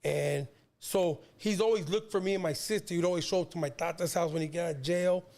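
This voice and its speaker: A man's voice: sits high, fairly quick, gravelly, darkish tone. A man in his fifties from San Diego, a rapper guest telling a long personal story in a rambling, slangy way, often repeating words. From San Diego, California. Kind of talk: casual storytelling.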